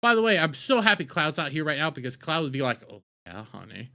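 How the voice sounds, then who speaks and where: A man talking casually as a streamer reacting to a video, excitable and profane, rambling and joking with his chat. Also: fairly high pitch, quick pace.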